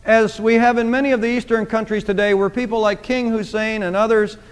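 High-pitched pastor guy preaching, smooth clear voice, echoes in a big church. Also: level tone, a little fast. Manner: emphatic, repeats phrases for emphasis. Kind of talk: sermon. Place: church sanctuary. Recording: long church reverb.

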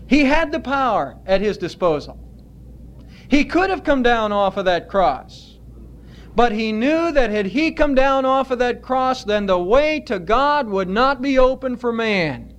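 A man preaching a sermon as pastor, earnest and emphatic, stretching out his words with pauses. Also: very high voice, expressive.

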